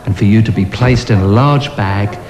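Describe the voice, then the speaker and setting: An actor playing an unflappable asylum doctor, breezy and matter-of-fact. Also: male voice, fairly low pitch, normal speed, a crowd in the background, lightly acted. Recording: echoey room with music behind.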